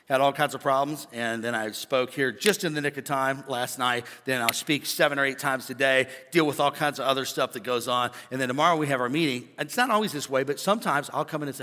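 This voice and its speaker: A man preaching a sermon as a pastor, animated and conversational, joking with the crowd from the stage. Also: medium pitch, quick pace, in a large hall. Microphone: stage microphone.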